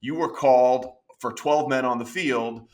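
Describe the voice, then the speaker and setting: A man's voice: medium pitch, unhurried. A man hosting an interview show, chatting casually and eagerly recounting moments from the guest's career. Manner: enthusiastic, recounting clips with filler words. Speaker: podcast host.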